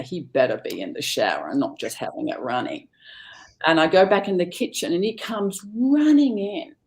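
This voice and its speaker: Lively middle-aged woman telling home stories. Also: on the low side. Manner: animated storyteller, acts out family dialogue. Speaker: guest. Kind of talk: casual chat.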